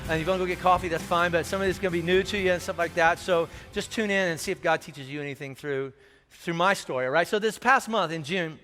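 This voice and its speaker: A fast-talking male pastor with a high, bright voice tells his story from the pulpit, animated and self-deprecating, checking in with the crowd again and again. His words ring out with a long hall reverb. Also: soft background music. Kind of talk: sermon story.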